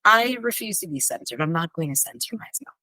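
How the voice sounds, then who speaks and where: A woman's voice: fairly low pitch, lively intonation, brisk, pushed and bright, dry recording, low-quality recording. A woman hosting a casual podcast chat, bubbly and loose, peppering her talk with "like" and the odd swear word. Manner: bubbly, swears freely, lots of "like". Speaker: podcast host.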